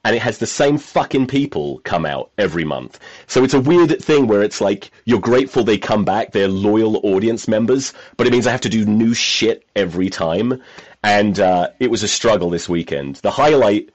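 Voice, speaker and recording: Lively deep-voiced male podcast host. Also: moderate pace, muffled recording. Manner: rambling storyteller, self-mocking, swears freely. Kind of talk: casual chat.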